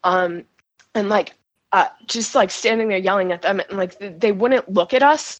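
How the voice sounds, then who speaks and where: Shaken woman telling a halting story. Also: mid-range voice, fairly bright tone, no room sound, low-quality recording. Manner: halting, many restarts and nervous laughs. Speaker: guest recounting events. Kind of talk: emotional first-person account.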